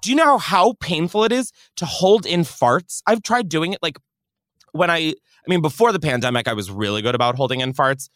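A man's voice: a little high, lively intonation, fairly quick, fairly bright tone, dry recording. A podcast host, a man whose voice swoops up and down as he rants in theatrical, foul-mouthed outrage. The studio sound is dry and close, with no room around him. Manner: dramatic, profane, exaggerated outrage. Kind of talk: casual comedic rant.

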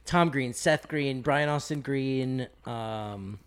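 A man's voice: mid-range voice, takes it slowly, clear, resonant tone. A man co-hosting a podcast, trading dry, wry remarks in casual chat. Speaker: podcast co-host.

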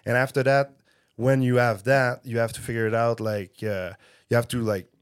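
A man's voice: medium pitch, flat delivery, clear, resonant tone, dry recording, studio quality. A man from Quebec with a Quebecois French accent, a guest chatting casually and stopping often to find words, French being his first language. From Quebec, Canada. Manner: halting, searching for words, many fillers. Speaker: guest, pro snowboarder. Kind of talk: casual podcast chat.

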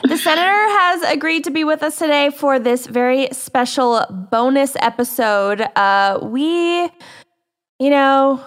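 A woman co-hosting a podcast in a playful, giggly way. Her voice sits fairly high and she takes her time, drawing out her words. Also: expressive, unhurried, a bit bright, in a large hall. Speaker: podcast co-host. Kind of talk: casual podcast chat.

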